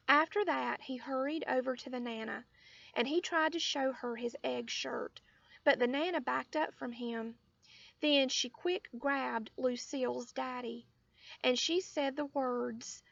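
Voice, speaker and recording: A woman narrating a children's storybook in an expressive, unhurried way. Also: sits high, no room sound. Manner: slow, expressive, gently gravelly. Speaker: audiobook reader. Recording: dull lo-fi audio.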